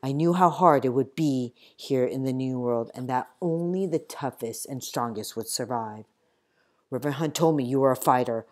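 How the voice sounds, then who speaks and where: A woman reading the part of a wounded, feverish army captain who speaks slowly and gravely. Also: rumbling low, warm tone. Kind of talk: audiobook character reading.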